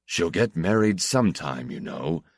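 A man doing a deep, gruff working father. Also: animated, unhurried, no echo, studio quality, full character voice. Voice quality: deep, hoarse. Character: gruff middle-aged working father, short and broad.

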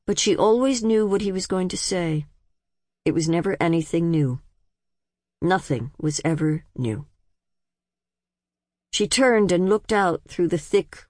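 A woman narrating a novel in an even, measured storytelling manner. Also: sits low, dry recording, studio quality. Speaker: audiobook narrator. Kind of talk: scripted narration.

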